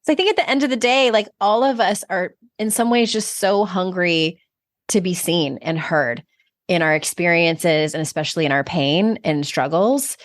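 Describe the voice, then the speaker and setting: A woman's voice: fairly low pitch, normal speed, no room sound, studio quality. A woman hosting a podcast, affirming and chatty, with many "like" fillers. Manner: warm, affirming, uses "like" often. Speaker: podcast host. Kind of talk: casual interview chat.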